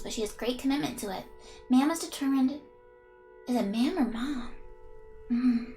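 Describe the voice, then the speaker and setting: A woman's voice: a little high, a little mellow. A woman streaming a game, reading its text aloud and chatting playfully with her viewers, giggling as she goes.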